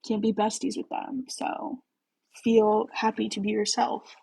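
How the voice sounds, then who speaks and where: A woman chatting casually on a livestream as host. Her voice is husky and sits a little high. She rambles and giggles, peppering her talk with "like" and "um," and pokes fun at herself. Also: fairly even intonation, a little slow, a little mellow, low-quality recording. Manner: giggly, self-deprecating. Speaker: host of a book-chat livestream.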